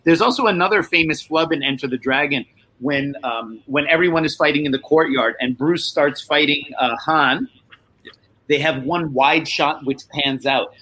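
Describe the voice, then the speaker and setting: A man's voice: on the high side, normal speed, sharp tone, low-quality recording. A man talking casually on a panel, telling stories in a conversational way. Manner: storytelling, conversational.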